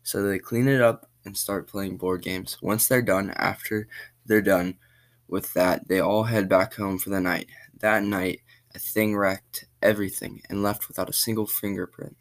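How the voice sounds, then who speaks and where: Gravelly low-voiced man reading a story. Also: fairly even intonation, a little slow. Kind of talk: reading a short horror story aloud.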